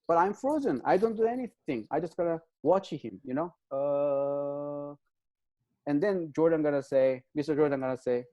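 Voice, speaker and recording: Mellow-voiced man explaining with halting fillers. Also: fairly high pitch. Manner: hesitant, many fillers, checks in with "right?"; non-native English phrasing. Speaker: guest expert on trauma. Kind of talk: explanatory interview talk.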